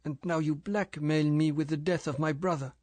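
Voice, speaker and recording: A male narrator voicing a proud, wounded young woman who speaks in a low, tense voice. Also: fairly even intonation, normal speed, a little mellow, dry recording, lightly acted. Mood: bitter. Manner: tense, low voice with foreign phrasing.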